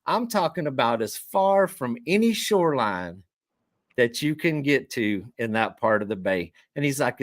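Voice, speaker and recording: Middle-aged fishing guide, animated yarn-spinner, dry close sound. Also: male voice, medium pitch, moderate pace, dry recording. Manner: animated storyteller who acts out quoted dialogue. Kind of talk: casual storytelling.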